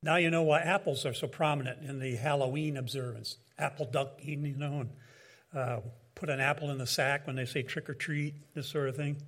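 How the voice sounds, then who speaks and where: A man preaching a sermon in an earnest, measured way, with casual asides to his listeners. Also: medium pitch, steady tone, a bit bright.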